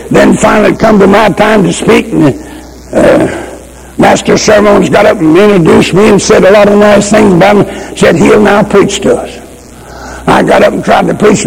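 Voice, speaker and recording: An older male preacher giving a fervent sermon testimony, impassioned and breaking into shouts and pleading. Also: high voice, gravelly. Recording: old recording with loud background noise.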